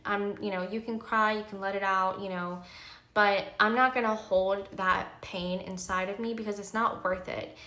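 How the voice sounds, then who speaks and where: Woman in her 30s ranting on her vlog, bright edgy voice, lots of like and you know, echoey room. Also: medium pitch, steady tone, moderate pace. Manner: heated, emphatic venting with many fillers. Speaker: pharmacy technician and nursing student. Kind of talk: candid vlog storytime.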